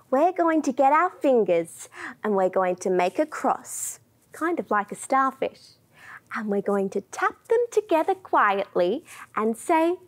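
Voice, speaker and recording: A young woman leading a preschool music lesson, slow and encouraging, dropping to a whisper for the quiet parts. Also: sits high.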